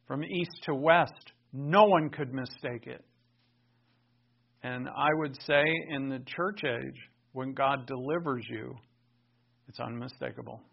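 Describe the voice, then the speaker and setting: A male pastor preaching a sermon in an animated, conversational way, with sarcastic asides to the congregation. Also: mid-range voice, takes it slowly, creaky, husky, muffled recording.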